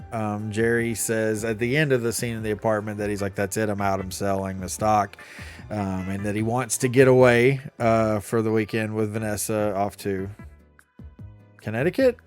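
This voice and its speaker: A man's voice: lowish voice, a little slow, clean tone. Podcast guy chatting loose, laughs a lot, goes off on little rants, faint music behind. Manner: laughs often, animated rants. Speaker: podcast co-host. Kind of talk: casual chat.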